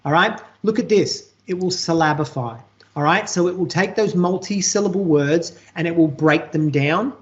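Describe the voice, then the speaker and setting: A teacher giving a live online demonstration of a reading tool, talking casually and checking in with "all right?" after nearly every point. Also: medium pitch. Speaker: teacher presenting a workshop. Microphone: computer mic on a video call. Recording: muffled lo-fi video call audio.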